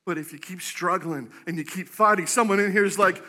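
A man preaching a sermon as pastor, telling stories with animated acted-out voices. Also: sits high, normal speed, hardly any pauses. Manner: animated storytelling, acts out quoted voices. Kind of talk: energetic sermon.

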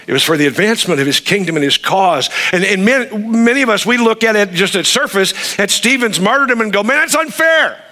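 Male pastor, higher-pitched bright voice, animated sermon delivery with acted-out voices. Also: brisk, few pauses. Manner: animated preaching, acts out quoted voices.

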